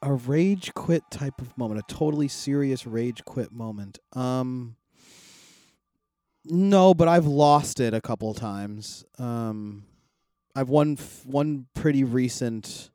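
A man's voice: medium pitch, takes it slowly, dry recording, studio quality. Rambling, cursing middle-aged man. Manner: rambling, profane, animated when quoting others. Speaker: podcast co-host. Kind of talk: casual chat, storytelling.

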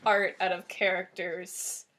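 A woman's voice: on the low side, flat delivery, takes it slowly, fairly bright tone. A young woman dropping into a podcast as a guest, explaining things in a matter-of-fact, modest way. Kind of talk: casual explanation.

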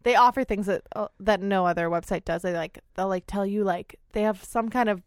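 A woman talks shop as a real estate broker on a casual podcast. She starts over mid-sentence and circles back as she explains. Her voice sits at a middle pitch in a dry, close recording. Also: no room sound. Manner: halting, restarts mid-sentence.

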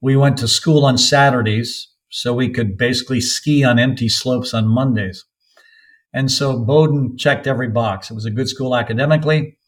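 An older man from North Carolina, a soccer coach guest on a podcast, telling long anecdotes with frequent pauses. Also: mid-range voice, low-quality recording. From North Carolina, USA. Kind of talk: podcast interview storytelling.

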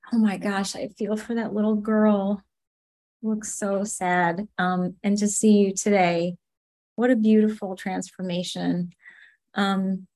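A woman's voice: mid-range voice, darkish tone. A woman sharing at a recovery meeting over a video call, heartfelt and emotional.

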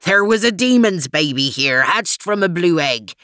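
A woman's voice: on the low side, animated, normal speed, fairly bright tone, no echo, studio quality. A woman voicing a fierce male dog who speaks in solemn, dramatic tones, in a storybook reading.

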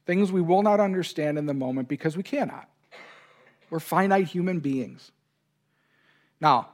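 A male pastor delivering an earnest sermon, stressing key words and speaking God's lines with feeling. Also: fairly high pitch. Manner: earnest preaching, voices God's words with emphasis.

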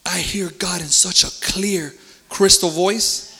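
A man tells a heartfelt faith testimony in relaxed, slangy speech, stumbling and repeating himself when moved. His voice is bright and a touch high for a man. Long reverb from a large hall trails his words. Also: slow, creaky, slightly rough. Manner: earnest and emotional, casual slang, repeats words. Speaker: church member giving a testimony.

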